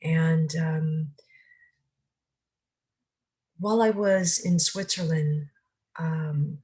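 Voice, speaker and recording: A woman hosting her own channel, talking casually and haltingly with many pauses and fillers. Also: low-pitched, mellow, rough recording. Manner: halting, many ums and uhs. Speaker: channel host. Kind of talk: casual spoken commentary.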